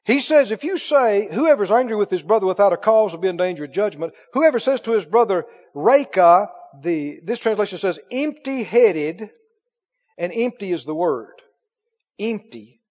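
A man preaching a sermon as pastor, reading scripture aloud with animated delivery. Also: high voice, normal speed. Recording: dull sound in a long-reverb hall.

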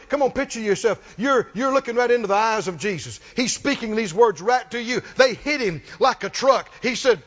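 A man's voice: extremely high pitch, animated, normal speed, fairly bright tone, dull audio. A man preaching a sermon with rising fervor, asking the congregation questions and calling for responses.

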